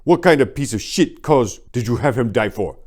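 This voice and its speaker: A man voicing an enraged Congolese immigrant with a Congolese accent, shouting indignantly. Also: medium pitch, animated, normal speed, pitched above the performer's own voice, close to an everyday voice. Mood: furious.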